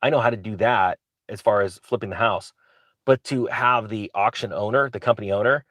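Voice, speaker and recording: Excitable low-voiced man, dry sound. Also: fairly quick, dry recording. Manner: excitable, rambling, restarts often. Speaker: real estate investor and channel host. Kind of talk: casual talk to camera.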